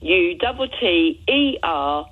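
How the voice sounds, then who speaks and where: A woman calling in to a radio show, chatty and friendly, her husky voice moving lively up and down. She comes through a muffled, dull phone line. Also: fairly low pitch, slow pace. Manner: chatty, friendly, spelling things out. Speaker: caller. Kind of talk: phone-in call.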